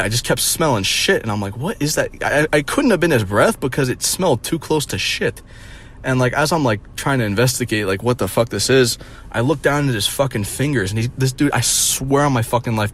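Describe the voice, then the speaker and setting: A young man in his twenties, a streamer telling a rambling, profane story in a mocking, incredulous tone. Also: mid-range voice. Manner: profane, rambling, with many fillers. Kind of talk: casual storytelling rant.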